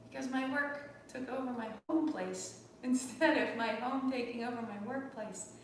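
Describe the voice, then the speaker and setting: A woman's voice: high-pitched, a little hiss or hum. Echoey, distant woman yoga teacher. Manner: gentle, reflective, heartfelt. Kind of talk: live online yoga class talk. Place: home room. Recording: echoey room, distant mic.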